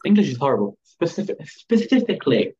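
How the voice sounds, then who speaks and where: A man's voice: medium pitch, expressive, fairly quick, muffled recording. A teenage boy hosting a casual podcast chat, playful and chatty. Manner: chatty, playful, says "blah blah". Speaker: podcast host.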